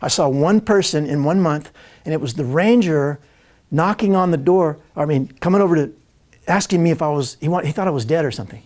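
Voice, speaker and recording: A man telling a personal story to a live audience, animated and laughing, acting out other people's lines as he goes. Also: fairly high pitch, a little fast. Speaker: spiritual speaker.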